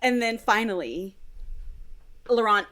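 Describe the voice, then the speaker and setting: A woman's voice: on the high side, lively intonation, takes it slowly, bright, forceful tone. A woman co-hosting a podcast, recapping a book in breezy, profane, casual storytelling. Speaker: podcast co-host.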